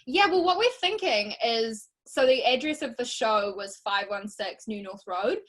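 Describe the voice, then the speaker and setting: A young woman chatting as a guest on a talk show. Her voice sits a little high, and she tells her stories with lively, expressive energy. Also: a little slow. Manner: animated, expressive storytelling with laughs. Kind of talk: casual chat.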